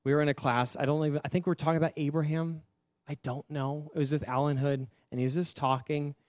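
A male pastor sharing his testimony in a sermon, telling it in a candid, self-mocking, animated way. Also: fairly high pitch, quick pace, no echo, clean studio sound.

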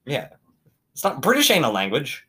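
A man's voice: mid-range voice, wildly swooping pitch, normal speed, sharp tone, slightly rough. A man in casual chat with a friend, rambling and joking and swearing freely. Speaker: friend in conversation.

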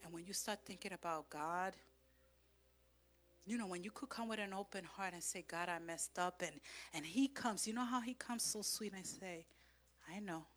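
A woman pastor preaching a sermon in church, swinging from loud, impassioned exhortation to soft, intimate speech. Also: mid-range voice, moderate pace, a little hiss or hum.

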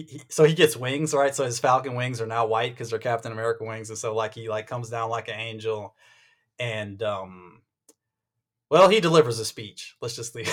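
A man co-hosting a casual sports chat, animated and stammering, with many restarts, acting out what others said. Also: mid-range voice. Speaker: podcast co-host.

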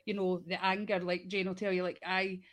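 A woman's voice: on the low side, flat delivery, a little fast. A woman on a podcast talking candidly about her own life, leaning a lot on casual fillers. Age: adult with an eight-year-old daughter. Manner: candid, personal, heavy use of fillers like "like" and "you know". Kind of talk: casual conversation.

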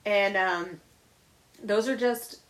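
A woman's voice: medium pitch, slow pace. A middle-aged woman co-hosting a podcast, talking in a blunt, confessional way with frequent swearing. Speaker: podcast co-host. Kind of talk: candid casual chat.

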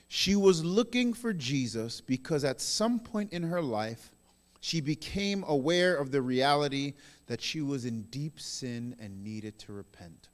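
A male pastor in his thirties preaching a sermon, swinging between loud emphatic bursts and soft hushed phrases. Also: mid-range voice, expressive, a little slow. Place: large church hall. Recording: long reverb in a large hall.

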